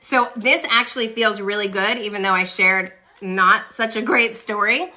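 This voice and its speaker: A woman's voice: mid-range voice, normal speed, sharp tone. A woman in her forties giving chatty, reassuring tarot readings on a live stream, speaking to viewers by name. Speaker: tarot reader. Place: home, livestream. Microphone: phone.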